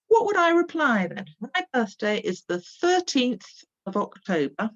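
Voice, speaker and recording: Woman, primary teacher, remote lesson, patient, lively intonation, gravelly edge. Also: fairly high pitch, lo-fi sound. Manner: patient, encouraging, models phrases slowly.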